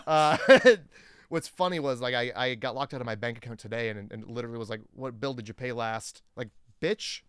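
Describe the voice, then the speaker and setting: Smooth-voiced joking podcast guy. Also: medium pitch, a bit bright, no echo, clean studio sound. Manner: profane, joking, quick to mock. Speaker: podcast co-host. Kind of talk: casual movie chat.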